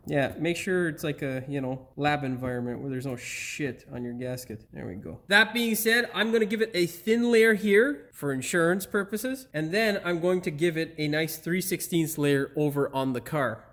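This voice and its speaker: A man with a fairly high voice walks viewers through a car repair in a loose, casual way. He jokes, swears and chats to the audience as he works in a repair shop. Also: animated, normal speed, few pauses, fairly bright tone. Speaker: auto repair channel host. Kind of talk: casual how-to narration while working. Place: auto repair shop with a hoist.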